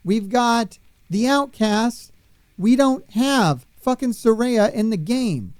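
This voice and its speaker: A gaming streamer gives gameplay commentary on a wrestling video game, ranting in frustration and swearing. His high-pitched, animated voice moves at a slow pace, with no echo.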